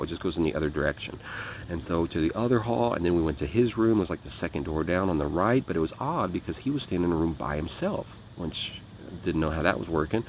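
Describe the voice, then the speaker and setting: A man telling a story as an interview guest, animated, acting out what people said and swearing freely. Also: sits low, slight background noise. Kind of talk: casual storytelling.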